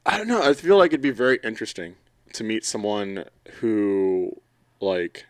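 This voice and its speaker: A man who is a guest on a podcast, answering questions in short, relaxed replies. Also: on the low side, moderate pace, dry recording. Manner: short, laid-back answers. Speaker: guest, streamer. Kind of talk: casual interview chat.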